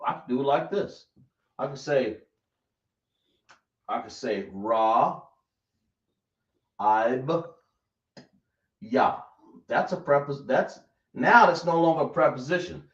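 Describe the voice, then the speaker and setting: A man teaching a language lesson, speaking slowly and often checking whether his listeners understand. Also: medium pitch, animated. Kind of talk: classroom lesson. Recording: echoey room, dull lo-fi sound.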